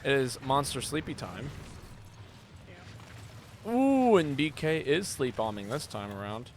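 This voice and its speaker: A man streaming a game, chatting casually and joking with his viewers, now and then yelping with excitement. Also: mid-range voice, moderate pace, a little hiss or hum. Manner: relaxed, joking, with sudden excited yelps. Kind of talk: casual gameplay chat. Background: game music.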